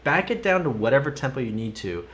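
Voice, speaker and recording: A man with a mid-range voice talks fast and in a sing-song way while leading a live-streamed drum lesson. Between explanations he sings the counts and stickings aloud as he demonstrates, and a loud instrument and metronome sound in the background.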